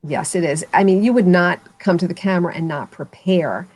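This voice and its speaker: A woman speech coach speaking as a guest in a video interview, confident and animated when telling stories. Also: lowish voice, normal speed. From United States.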